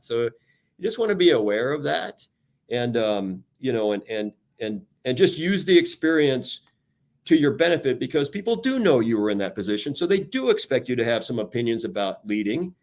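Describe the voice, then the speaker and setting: An older man speaks with passion and energy on a radio talk show, a retired admiral sharing leadership lessons. His voice sits at an ordinary middle pitch. He slips into the voices of people he quotes as he tells his stories. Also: a little fast, creaky. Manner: energetic, animated storyteller acting out quotes.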